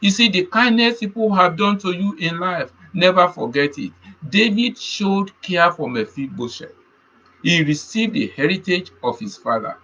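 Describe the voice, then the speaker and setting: A man's voice: high-pitched, expressive, moderate pace, pushed and bright, dull audio. A man preaching a sermon, telling a personal testimony in an earnest way and repeating key phrases. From Nigeria.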